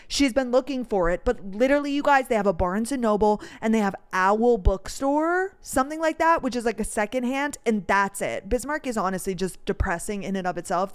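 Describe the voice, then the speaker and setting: A woman's voice: medium pitch, clear, resonant tone. A young woman from North Dakota, hosting a podcast and telling stories in a rambling, casual way, full of "like" and the odd swear word. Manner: rambling, heavy use of "like", swears freely. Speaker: podcast host. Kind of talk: casual storytelling chat.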